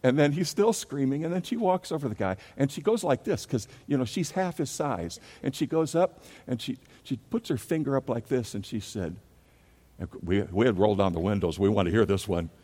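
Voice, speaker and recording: A man's voice: mid-range voice, animated, a little fast, dark tone, big-room sound. A man preaching a sermon as pastor, telling a story from his own life and acting out its scenes. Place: church sanctuary.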